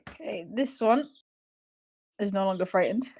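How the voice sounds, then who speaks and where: A woman's voice: medium pitch, lively intonation, normal speed, darkish tone, a little hiss or hum. Woman, game master, casual rules-explaining narration, lots of "kind of" and "uh". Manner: hesitant, filler-heavy, explaining rules.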